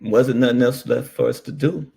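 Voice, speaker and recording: A man, a paramedic, telling a personal story in an animated, earnest way. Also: medium pitch. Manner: slow, gravelly, animated storytelling.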